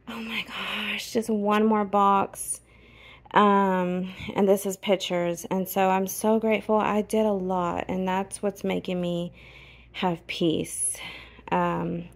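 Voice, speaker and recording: A woman talks slowly and warmly about things she is grateful for, in a casual vlog style. Her voice has a gravelly, creaky edge, and she sounds tired and emotional. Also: mid-range voice. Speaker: vlogger.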